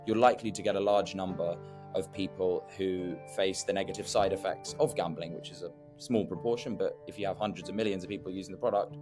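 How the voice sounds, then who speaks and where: A man giving a measured, explanatory interview answer. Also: low voice, steady tone, over music. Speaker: interviewed expert.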